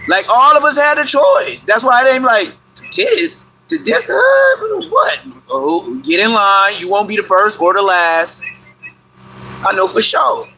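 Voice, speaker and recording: A man with Los rants on a livestream, his voice high and very bright. He talks in loud, repetitive bursts and breaks into sudden yelps. A faint noise hangs behind him. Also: very animated, a little slow, rough recording. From Inglewood, California. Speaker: livestream host. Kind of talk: animated livestream rant.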